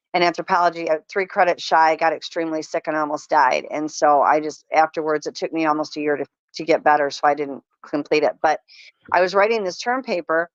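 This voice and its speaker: A woman's voice: fairly low pitch, no echo. Middle-aged lady telling a story all earnest, dull lo-fi sound, dry. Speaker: podcast guest. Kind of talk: casual chat.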